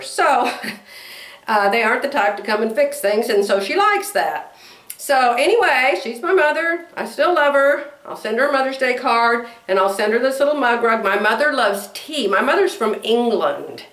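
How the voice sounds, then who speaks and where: A woman in her sixties talks casually to her viewers, wandering from one thought to the next with frequent laughs. Her voice sits a little high. The room around her is noticeably echoey. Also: a bit bright. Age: 60s. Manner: chatty, rambling, laughs often. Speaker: vlogger. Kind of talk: casual chat to camera.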